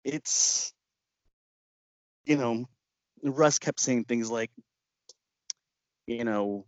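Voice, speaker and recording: A man's voice: mid-range voice, very slow, long pauses, no echo. Dull-sounding man telling a story. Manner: lively storyteller who laughs often and acts out quotes. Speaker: documentary filmmaker. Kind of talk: interview anecdote.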